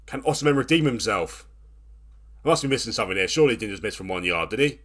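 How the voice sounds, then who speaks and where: Excitable man commentating a football game. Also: lowish voice, fast talker. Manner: excitable, swings from groans to shouting. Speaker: gaming channel host. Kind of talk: let's play commentary.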